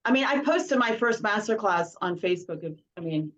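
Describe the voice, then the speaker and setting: A woman's voice: medium pitch, lively intonation, brisk, a bit bright. A middle-aged woman telling a story in casual chat on a video call, rambling, with many fillers and restarts. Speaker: songwriting circle member. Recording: slightly dull video call audio.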